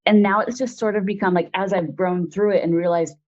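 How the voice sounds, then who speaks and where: A woman's voice: mid-range voice, steady tone, brisk, a little mellow, muffled recording. A woman in her forties, an interview guest, telling a personal story in a rambling, frank way full of fillers.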